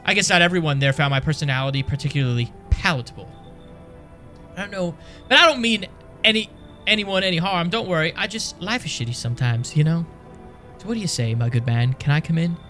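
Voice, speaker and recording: A man's voice: on the high side, animated, a little fast, bright, forceful tone, soft background music. A man voicing a bitter drifter in a horror game, mock-polite and sardonic.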